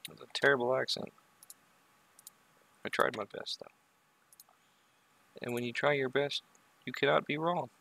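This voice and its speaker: A man's voice: medium pitch, steady tone, measured pace, creaky, pauses often, bright, forceful tone, dry recording. A man hosting a livestream, giving casual running commentary on his work on a 3D model and muttering to himself with joking asides, indoors at a computer. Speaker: livestream host.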